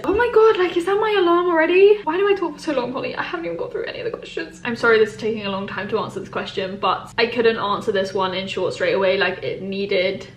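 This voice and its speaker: A young woman with a somewhat high voice talks through viewer questions in a casual vlog. She is candid and emphatic, rambling along with lots of fillers. The sound is roomy and echoey. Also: a bit bright. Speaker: YouTuber answering viewer questions. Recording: roomy echo.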